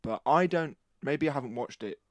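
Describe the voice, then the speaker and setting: A man's voice: mid-range voice, lively intonation, moderate pace, dry recording. A man co-hosting a casual podcast chat, talking enthusiastically and rambling. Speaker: podcast co-host.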